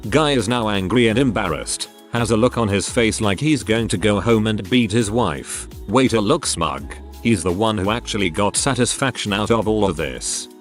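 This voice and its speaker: A man narrating online stories in a wry, expressive way. His voice is low, with a lively, varied pitch. Faint music plays behind him.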